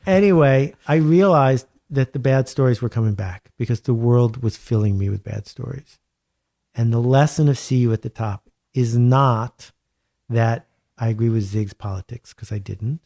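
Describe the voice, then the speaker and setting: Wry, animated man telling stories. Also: mid-range voice, normal speed, gravelly. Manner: animated, wry storyteller with emphatic repetition. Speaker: guest author. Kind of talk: conversational interview. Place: home studio.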